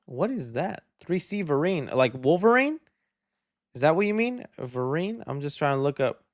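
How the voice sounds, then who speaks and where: A man hosting a casual livestream, chatting in a relaxed, friendly way while answering viewer donations. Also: fairly high pitch, moderate pace, no echo, studio quality. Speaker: livestream host.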